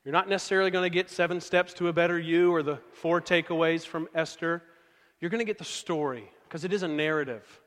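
Folksy pastor in a big hall. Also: male voice, fairly high pitch, brisk, a bit bright. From Oklahoma. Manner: folksy, conversational storytelling. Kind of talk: storytelling sermon. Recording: long reverb of a large hall.

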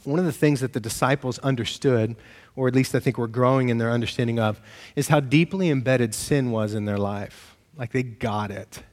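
A male pastor preaching a sermon, telling stories animatedly and acting out shouted exchanges. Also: medium pitch, normal speed, big-room sound.

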